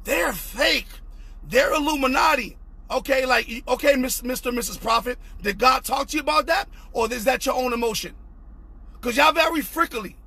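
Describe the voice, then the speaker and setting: Young male preacher, high husky voice, fervent and repetitive online sermon with shouted peaks. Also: a little fast. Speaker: pastor.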